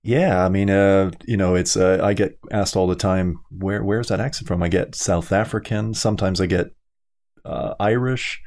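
Low-voiced hesitant man from Denmark. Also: steady tone, a little mellow. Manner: hesitant, many ums, measured. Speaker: guest. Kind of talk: casual podcast chat.

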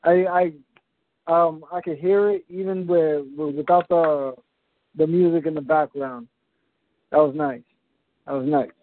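A man's voice: on the high side, animated, measured pace, long pauses, no room sound. A man chatting casually on a call, stumbling a bit over his words. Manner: stumbling, apologetic. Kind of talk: casual chat. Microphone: video call. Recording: dry phone-like call line.

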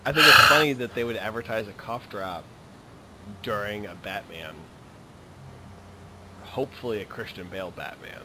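A man's voice: lowish voice, moderate pace, pauses often, poor audio. A man hosting a comics podcast, chatting casually and joking with his co-hosts. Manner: joking, animated banter. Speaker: podcast host. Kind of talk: casual chat.

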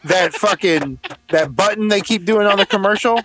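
A man's voice: high-pitched, moderate pace, fairly bright tone. A man co-hosting a podcast, joking around in crude, casual banter. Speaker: podcast co-host. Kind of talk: casual chat.

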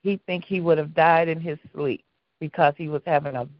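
A woman's voice: sits low, fairly even intonation, brisk, no room sound, lo-fi sound. A woman calling in to a prayer line, telling stories earnestly and often repeating her words. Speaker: caller. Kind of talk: call-in prayer request.

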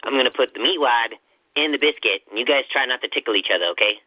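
A man's voice: mid-range voice, breathy edge, no echo. Rambling man on a tinny line. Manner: halting, rambling, with many restarts. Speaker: podcast host in character as a ghost agent. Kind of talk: comedic improv chat. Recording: dry tinny phone-like line.

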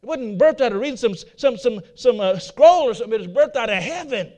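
A man's voice: very high-pitched, expressive, fast, dark tone. A man preaching a sermon, repeating his points and putting rhetorical questions to his listeners. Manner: repetitive, asks the audience rhetorical questions.

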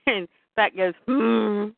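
A woman's voice: medium pitch, expressive, moderate pace, no room sound. A woman casually retelling a comic book issue scene by scene and slipping into the characters' lines as she goes. Her voice comes through thin and phone-like, with a dry, close sound.

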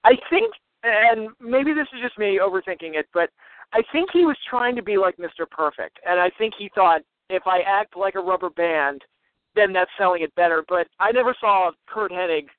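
A man's voice: high-pitched, lively intonation, dry recording. A man co-hosting a podcast, talking casually and hedging his points. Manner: measured, hedging with "I don't know". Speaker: podcast co-host. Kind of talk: casual chat. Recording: tinny phone-like line, dry.

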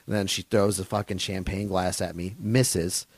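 A man's voice: sits low, level tone, moderate pace, no echo. A man, a touring comedian, telling rambling, profane stage stories in a casual interview in a hotel room, full of fillers and restarts.

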